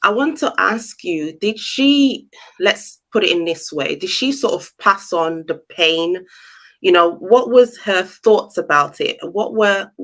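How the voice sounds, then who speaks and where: A co-interviewer takes over with thoughtful, searching follow-up questions. The voice is bright and forward, at a mid pitch.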